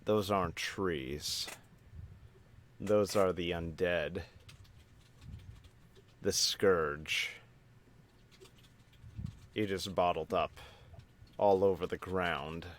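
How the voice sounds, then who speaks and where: Male game master, slow and low, dramatic narration.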